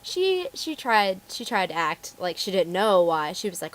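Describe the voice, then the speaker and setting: A woman's voice: on the low side, sing-song, moderate pace, slight background noise. A young woman who works retail, telling stories about rude customers in a casual vlog and acting out their voices. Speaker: retail phone store worker.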